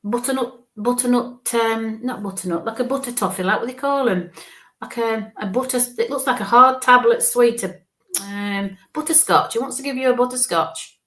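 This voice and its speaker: A woman with a lilt gives a live psychic reading in a soft, reassuring manner. She keeps checking in with a gentle "okay?" as she passes on messages. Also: on the high side, normal speed. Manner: gentle, reassuring, often ends phrases with "okay?". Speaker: psychic medium.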